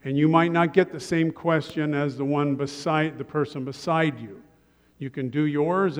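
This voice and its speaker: A male pastor preaches a sermon with a slightly high voice. He keeps it relaxed and slips in joking asides to the congregation. His words ring out with a long reverb through the church hall. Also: clean tone. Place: church sanctuary.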